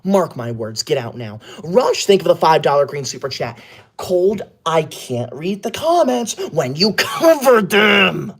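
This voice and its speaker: A man's voice: a little high, animated, fairly quick, few pauses. A man doing a bossy, scolding schoolboy streamer. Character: bossy, touchy schoolboy livestreamer obsessed with rules. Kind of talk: comedic livestream parody.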